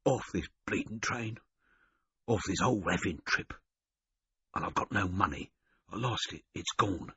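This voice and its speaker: A man voicing a hungover, frightened young stable hand with an English accent, croaking and hoarse, surly at first and then desperate. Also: low voice, measured pace, long pauses, sharp tone, no echo, highs cut off, exaggerated voice.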